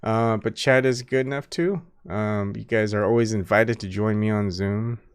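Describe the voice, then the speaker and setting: A man's voice: lowish voice, normal speed, smooth, no echo, clean studio sound. A man hosting a late livestream, reading a text aloud with slips and self-corrections, then chatting loosely with lots of fillers and a parched throat. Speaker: livestream host. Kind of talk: reading aloud and casual stream chat.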